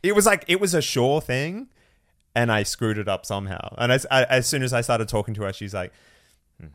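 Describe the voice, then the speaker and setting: A man's voice: medium pitch, animated, brisk, fairly bright tone. A man with an Australian accent, a podcast guest chatting casually, self-deprecating and rambling with lots of fillers. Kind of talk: casual chat.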